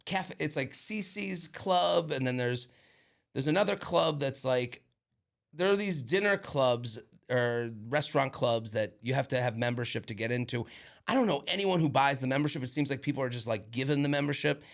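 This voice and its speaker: A man co-hosting a podcast, telling an animated, rambling story in casual chat with lots of fillers and restarts. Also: mid-range voice, moderate pace, vocal fry. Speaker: podcast co-host.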